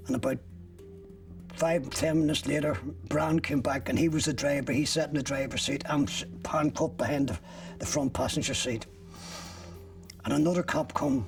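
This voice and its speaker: Older man, gravelly, blunt, graphic storytelling, set back from the mic. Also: medium pitch, distant mic. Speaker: interviewee. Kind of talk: recounting a personal ordeal.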